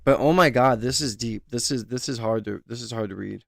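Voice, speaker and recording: A man's voice: mid-range voice, fairly quick, creaky, no room sound. A man streaming live, reacting with emotional exclamations and speculation as he reads a document aloud and comments on it.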